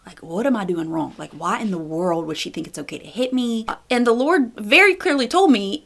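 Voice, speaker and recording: A woman's voice: fairly high pitch, lively intonation, normal speed, few pauses, a bit bright. A young adult woman giving a personal testimony and encouragement in an earnest, conversational way, with fillers and repeated phrases. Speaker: speaker in a women's ministry video.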